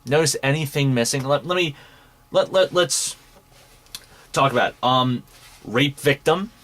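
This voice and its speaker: A man's voice: mid-range voice, unhurried, a bit bright. A young man hosting a commentary show, ranting angrily with heavy swearing and mocking scorn. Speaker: commentary podcast host. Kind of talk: angry profane commentary.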